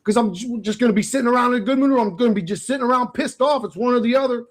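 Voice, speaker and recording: A young man hosting a livestream from a dark bedroom, talking to his chat in a rambling, profane rant that flares into angry outbursts. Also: extremely high pitch, rapid-fire, dry recording, rough recording. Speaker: livestream host. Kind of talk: casual ranting talk to chat.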